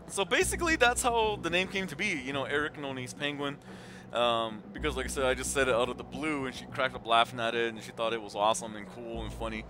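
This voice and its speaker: A man in his thirties talks casually over his game stream, rambling with many fillers and restarts. His voice sits high and swings widely in pitch. It has a bright, forceful edge. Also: fast, a little hiss or hum. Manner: animated retelling with voiced quotes. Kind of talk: casual chat while gaming.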